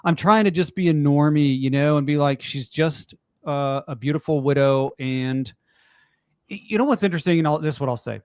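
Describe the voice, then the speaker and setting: A man's voice: fairly high pitch, brisk, clear, resonant tone, dry recording, clean studio sound. A man in his forties, a podcast guest in casual chat, talking earnestly and emphatically and repeating himself.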